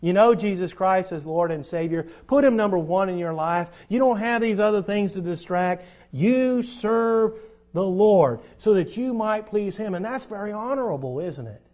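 A male preacher delivering a sermon, reading scripture and speaking emphatically, with his voice swelling and dropping in loudness. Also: sits high, expressive, moderate pace.

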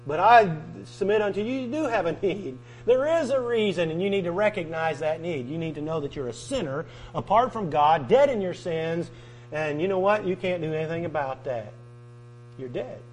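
High-voiced preacher, hum underneath. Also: male voice, animated, moderate pace, rough recording. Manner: emphatic, repeating and drawing out key words, swinging from loud to soft. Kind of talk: sermon.

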